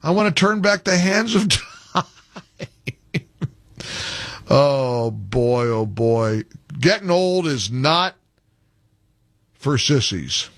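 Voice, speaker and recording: Animated middle-aged male radio host. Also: mid-range voice, slow, long pauses, dry recording. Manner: animated, exasperated, joking. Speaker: radio talk show host. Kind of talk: call-in radio talk.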